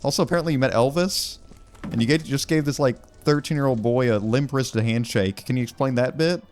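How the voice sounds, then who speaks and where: A man's voice: mid-range voice, brisk, darkish tone. A young man doing casual gameplay commentary, telling rambling, wry stories with lots of fillers. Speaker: gaming video creator.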